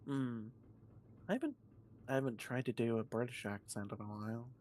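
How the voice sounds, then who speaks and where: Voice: mid-range voice, steady tone, a little fast, darkish tone, a little hiss or hum. A guest streamer chatting casually during a game session, making playful self-mocking jokes. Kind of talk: casual stream chat while playing a game.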